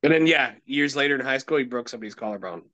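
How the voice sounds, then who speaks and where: A man's voice: mid-range voice, animated, racing, a bit bright, muffled recording. A man hosting a podcast, telling rowdy stories in casual chat, swearing constantly and laughing at his own jokes. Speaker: podcast host.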